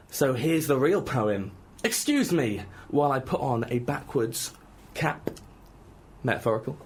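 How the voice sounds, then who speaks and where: Male radio host, mid-pitched, mock-boastful banter, rhythmic comic rap reading, studio mic. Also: lively intonation, a little slow, husky. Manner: mock-boastful, teasing, rhythmic rhyming delivery.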